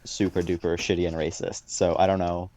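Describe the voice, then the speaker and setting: Co-host, man, blunt and casual, very low voice. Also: level tone, fairly quick, darkish tone. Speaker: stream co-host. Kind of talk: casual commentary.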